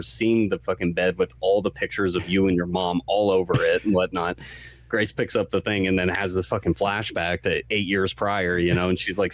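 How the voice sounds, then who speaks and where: A male podcast co-host in a casual game discussion, rambling and profane, packed with fillers. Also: low-pitched.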